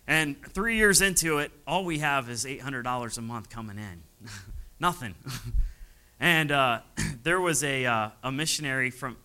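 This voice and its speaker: A missionary pastor gives his testimony from the pulpit, chuckling often and acting out the voices of the people he quotes. His mid-range voice is pushed and bright with a clean tone, though the recording is rough.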